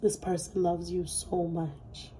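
A woman's voice: lowish voice, level tone, slow, dark tone, a little hiss or hum, low-quality recording. A woman giving a casual, heartfelt tarot reading, reassuring the listener over and over and swearing freely. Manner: repetitive, soothing reassurance. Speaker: tarot reader. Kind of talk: intuitive tarot reading to camera.

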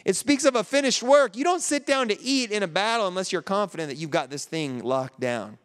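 A male pastor delivers an earnest, conversational sermon, often restarting his sentences. His voice sits high and sounds smooth and resonant. The long reverb of a large hall trails after each phrase. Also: animated, fairly quick, fairly bright tone.

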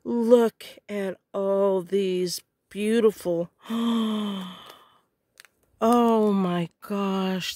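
A woman's voice: mid-range voice, darkish tone, no room sound, studio quality. A woman crafter unboxing a package in a casual vlog, gushing with gasps and exclamations. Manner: gushing, gasping, frequent exclamations. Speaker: crafter on a design team.

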